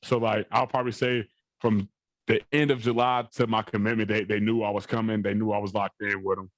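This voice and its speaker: Young male athlete guest with a lowish voice, talking in a loose, repetitive, rambling way. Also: flat delivery, fairly quick, no room sound. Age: young adult. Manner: rambling, repeats phrases and fillers. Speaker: college football player guest. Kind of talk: interview storytelling.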